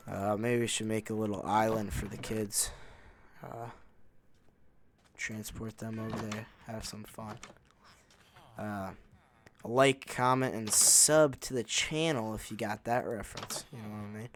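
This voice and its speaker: Over a faint hiss or hum, this man's lowish voice drifts through laid-back gameplay commentary. He's a gaming channel host who rambles without hurry and leans on plenty of fillers.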